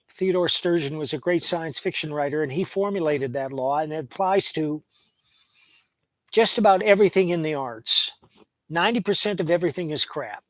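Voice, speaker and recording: A man's voice: fairly high pitch, dry recording, rough recording. A man giving a casual, opinionated film review, speaking plainly as he retells the plot at length. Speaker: movie reviewer.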